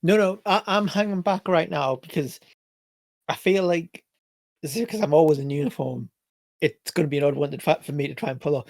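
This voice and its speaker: Guy player, kinda high voice, stop-start talk, dry close audio. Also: vocal fry, no room sound. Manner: halting, restarts, 'you know'. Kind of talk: casual tabletop play.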